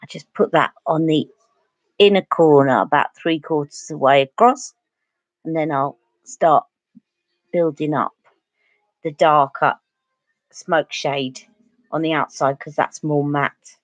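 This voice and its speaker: A woman's voice: deep voice, a little slow, pauses often, no room sound. A woman with an Essex accent chatting through a live makeup tutorial, answering viewer comments as she goes. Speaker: beauty vlogger.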